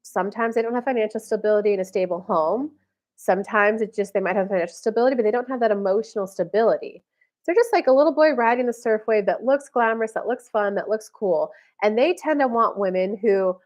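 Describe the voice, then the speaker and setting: A woman's voice: mid-range voice, quick pace, a little mellow. A woman hosting a live stream, giving conversational psychic readings and responding to viewer comments. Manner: chatty, relays guidance in a conversational flow.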